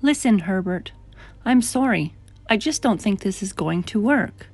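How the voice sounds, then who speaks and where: A woman's voice: mid-range voice, expressive, measured pace, darkish tone, slightly rough, faint music behind. A woman doing a picky little boy. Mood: earnest. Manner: fussy, earnest. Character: picky young boy at bedtime.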